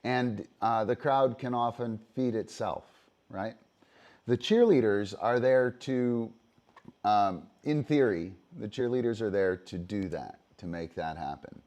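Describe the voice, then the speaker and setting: A disc dog trainer hosts a dog-training livestream, explaining things casually and profanely with plenty of fillers and "right?" tag questions. His voice is on the low side, a little mellow, and unhurried.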